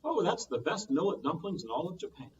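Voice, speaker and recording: A man's voice: on the high side, big pitch swings, brisk, distant mic, highs cut off, a little hiss or hum, voice pushed up. Man doing Momotaro, a lazy strong boy. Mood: easygoing. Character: lazy strong boy hero, sleepy then brave.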